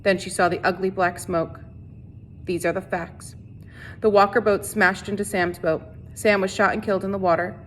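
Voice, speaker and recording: A woman reading a novel aloud as a teacher, in a steady storytelling voice with small slips and restarts. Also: mid-range voice, a little hiss or hum.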